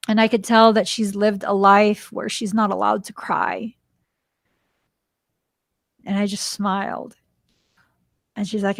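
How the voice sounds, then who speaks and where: A woman's voice: mid-range voice, takes it slowly, creaky, long pauses, dry recording, clean studio sound. A woman hosting a spiritual podcast, telling a personal story with emotion and acting out the dialogue. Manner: emotional, animated retelling with quoted dialogue. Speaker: podcast host. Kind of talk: heartfelt storytelling.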